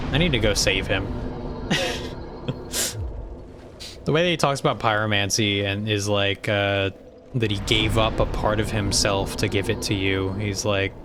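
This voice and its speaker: Man, game streamer, casual live commentary, swears and laughs, lowish voice. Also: a bit bright, slight background noise. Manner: chatty, swears, laughs often.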